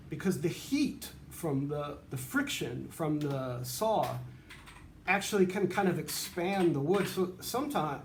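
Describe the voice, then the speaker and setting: A man's voice: on the high side, slight background noise. Chatty man in a roomy workshop. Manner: rambling, chatty, many fillers and asides. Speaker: violin maker. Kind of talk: casual workshop tutorial. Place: humid workshop near the beach.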